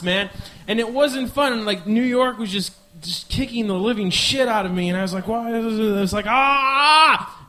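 Young male comic host from the Midwest: high voice, wildly swinging delivery, excitable and profane, rambling self-mocking bits. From American Midwest. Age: 20s. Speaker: live podcast host.

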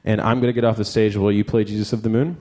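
A man's voice: lowish voice, racing. A man hosting a live music talk, joking and swearing as he discusses an album for an audience on stage. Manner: animated, swearing, jokey asides.

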